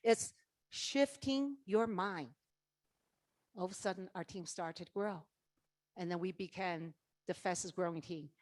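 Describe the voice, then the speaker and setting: Middle-aged woman, animated motivational speaker on a stage mic, dry sound. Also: fairly low pitch, measured pace, long pauses, dry recording. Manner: animated storytelling, acts out dialogue, asks the audience questions. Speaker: network marketing leader giving a keynote. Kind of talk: motivational speech. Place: conference stage.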